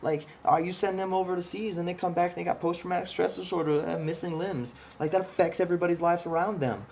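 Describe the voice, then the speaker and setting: A man's voice: sits high, fairly even intonation, fast talker, creaky, a little mellow, slight background noise. A man in a rambling, profane, impassioned monologue who keeps restarting his sentences and explains while pointing at a drawing. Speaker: vlogger explaining his ideas.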